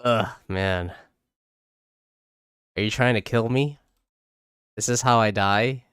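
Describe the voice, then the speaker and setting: A man's voice: on the low side, slow, a bit bright, clear, resonant tone, no echo, clean studio sound. A man hosting a casual drawing livestream, joking and exasperated and swearing freely as he chats. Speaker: livestream host. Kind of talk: casual chat while drawing.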